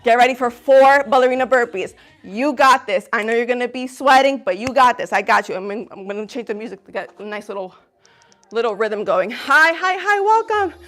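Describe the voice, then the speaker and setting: A woman's voice: a little high, steady tone, fast talker, fairly bright tone. A woman fitness instructor coaching a live workout, upbeat and encouraging as she counts reps, a little out of breath. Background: workout music.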